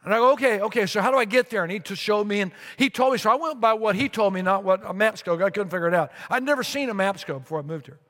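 Animated storytelling pastor in a reverberant church. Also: male voice, sits high, fast, hardly any pauses. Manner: storytelling, animated, repeats phrases. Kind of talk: sermon. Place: church sanctuary. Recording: long reverb of a large sanctuary.

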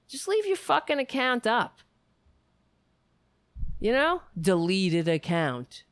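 Signing off her livestream, a woman rambles and vents affectionately to her viewers in casual chat. Her voice sits on the high side with a sing-song lilt, and she takes her time. The recording is dry.

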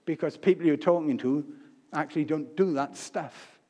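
An older man giving a sermon, telling stories with humor and swinging between loud and soft delivery. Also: a little high, normal speed. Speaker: preacher. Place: church. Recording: long reverb of a church hall.

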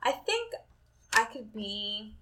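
A woman in casual conversation with a bright, fairly high voice. She tells stories with animated energy, acting out what others said, and swears freely as she talks. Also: takes it slowly. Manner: animated storyteller, acts out quotes, swears casually. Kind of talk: casual chat.

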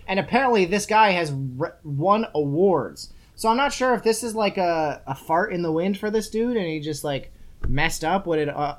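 A young adult podcast co-host talking casually and sarcastically while reviewing a book, rambling and swearing freely. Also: medium pitch. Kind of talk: casual chat.

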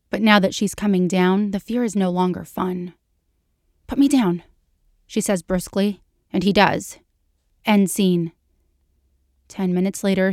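Brief: female reader, steady even narration, medium pitch, close dry recording. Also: no room sound. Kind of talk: reading fan fiction aloud.

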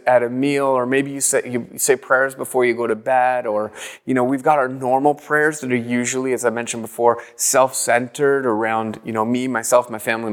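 A man preaching a sermon, earnest and reflective, softly repeating short phrases as he speaks. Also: mid-range voice, in a large hall. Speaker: pastor.

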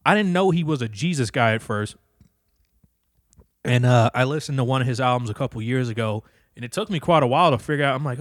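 Profane ranting man, lively pitch. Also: quick pace, dry recording, studio quality. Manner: profane, heated, repetitive ranting. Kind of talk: casual opinion rant.

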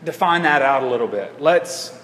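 A man's voice: mid-range voice, animated, moderate pace, a bit bright. A man preaching a sermon in a church, talking conversationally with frequent restarts. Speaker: pastor. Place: church sanctuary. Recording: echoey church hall.

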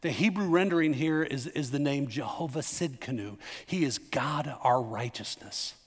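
Long hall reverb surrounds a middle-aged pastor delivering a sermon at normal speed in a mid-range voice. He speaks conversationally but emphatically, addressing the congregation with asides and questions.

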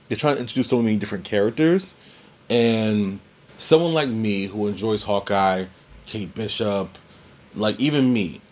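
A man's voice: lowish voice, a little mellow, lo-fi sound. A man in his twenties, a podcast host, rambling through a casual recap with frequent restarts and the odd swear.

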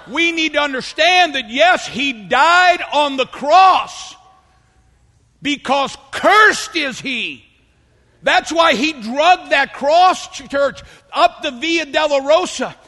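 A man preaching a fervent sermon to a congregation, often rising into shouts. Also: very high voice, animated, slow pace. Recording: long hall reverb.

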